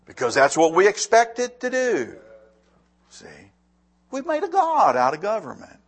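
A man preaching a sermon, reading scripture slowly and with emphasis, with quick spoken asides to the congregation. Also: high-pitched, huge pitch swings. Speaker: pastor.

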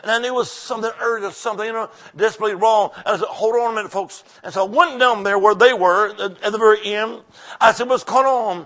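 High, bright-voiced exuberant revival preacher man. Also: fairly even intonation, fast. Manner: exuberant, call-and-response, drops to soft storytelling. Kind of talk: revival sermon with storytelling.

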